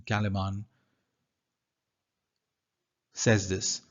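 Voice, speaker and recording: Slow, careful male literature teacher. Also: deep voice, flat delivery, muffled recording. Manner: slow, careful, reads lines then paraphrases. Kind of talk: reading and explaining a play in class.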